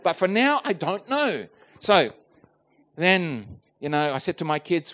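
High-voiced earnest man preaching a testimony. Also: big pitch swings, measured pace. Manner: earnest and emotional, swelling loud on key points; addresses the congregation directly with questions. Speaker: preacher giving a personal testimony. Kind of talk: sermon testimony.

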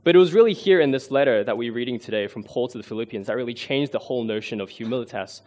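A man, giving a sermon in an earnest, self-deprecating way, often pausing with fillers. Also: mid-range voice, a little mellow. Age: 20s. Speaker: lay preacher.

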